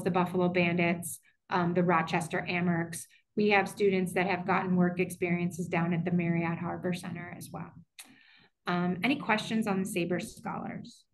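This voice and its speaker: A woman's voice: medium pitch, a bit bright. A woman who works as a college administrator, giving an online information session in a chatty way, full of fillers and restarts.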